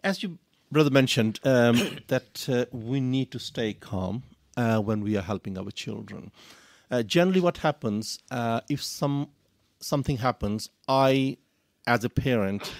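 Gravelly-voiced man, halting radio talk. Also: mid-range voice, no room sound, studio quality. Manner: halting, many fillers and restarts. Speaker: radio co-host. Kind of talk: parenting advice talk.

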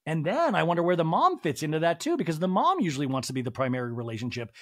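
A man's voice: a little high, rapid-fire, dry recording, clean studio sound. A man hosting a podcast, giving a comedic recap of a reality TV episode and acting out the cast's dialogue. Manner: animated, acts out the scene's dialogue. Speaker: podcast host.

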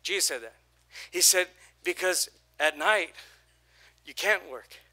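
A man preaching a sermon as pastor, energetic, with repeated phrases and call-and-response, his voice prone to going hoarse. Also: sits high, slow.

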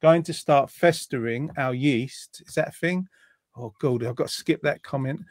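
A man's voice: medium pitch, moderate pace, no room sound, studio quality. A man hosting a casual online quiz show, reading out viewer comments in a jokey, rambling way. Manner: jokey, rambling, lots of ums. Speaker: host.

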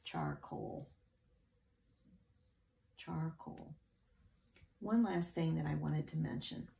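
A woman's voice: sits low, slow, gravelly, warm tone. A woman teacher giving a patient, encouraging phonics lesson to children, spelling words out letter by letter.

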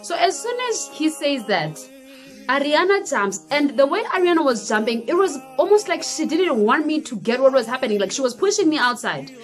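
A young woman vlogger tells a personal story, animated and dramatic, mixing in Xhosa phrases. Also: high voice, moderate pace, soft background music. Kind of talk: storytime vlog.

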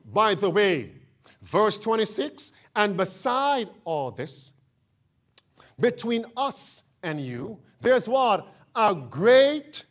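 A man preaching from the pulpit in a high voice, drawing out his words at an unhurried pace. He pauses often to quiz the congregation and then rises to emphatic, shouted declarations. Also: very animated. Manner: preaching with call-and-response questions to the congregation. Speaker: pastor. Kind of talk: sermon.

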